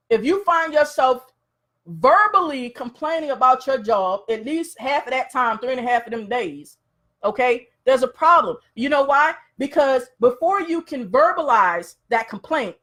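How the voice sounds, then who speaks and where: A woman coach with a high voice gives a motivational talk in loose, everyday speech. She tells stories in a chatty, colloquial manner and keeps checking in with her listeners. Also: a bit bright. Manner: casual, colloquial, storytelling. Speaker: life and business coach.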